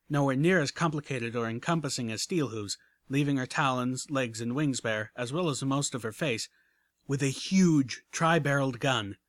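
A man's voice: medium pitch, a bit bright, no room sound. Man narrating an action story dryly. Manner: dramatic first-person narration, voices the heroine's lines. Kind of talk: audiobook reading of fan fiction.

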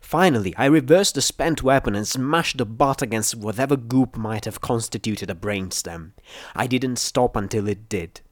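A man reading fiction aloud in a steady, measured storytelling voice, close to the mic. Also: medium pitch, no echo. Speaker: audiobook narrator. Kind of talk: scripted fiction narration.

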